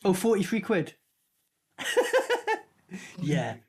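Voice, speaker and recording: A man's voice: high-pitched, extremely slow, slightly rough. A young man with a Welsh Valleys accent, commenting casually on a film with lots of laughing and swearing. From Wales. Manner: laughing, swearing, excitable banter. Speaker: film reaction reviewer. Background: film soundtrack playing.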